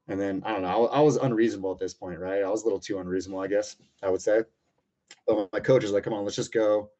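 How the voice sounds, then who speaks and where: A man's voice: fairly low pitch, fairly even intonation, very fast, mellow. A man in his thirties, a fighter, telling a story in a casual interview, swearing freely and rambling with lots of fillers. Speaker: UFC lightweight fighter, interview guest. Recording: muffled lo-fi audio.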